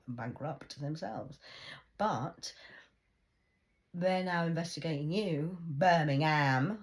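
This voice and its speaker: A woman in an agitated ranting monologue to camera, jumping between hushed whispers and loud outbursts and often stumbling over repeated words. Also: very deep voice. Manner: repetitive, stumbling restarts. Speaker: vlogger.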